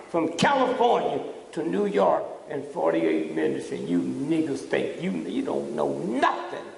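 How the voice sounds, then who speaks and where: A man's voice: on the high side, huge pitch swings, unhurried, creaky, few pauses. An older man giving a fiery public lecture, preachy and provoking, often tossing out "huh?" at the audience. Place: lecture hall. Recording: echoey hall from a distance.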